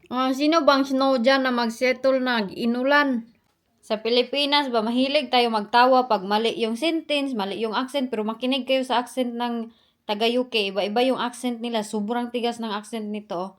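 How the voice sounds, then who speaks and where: A woman's voice: on the high side, steady tone, brisk. A woman from the Philippines with a Filipino accent, chatting casually to camera as a mother at home, mixing languages and laughing often. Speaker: family vlogger, mother.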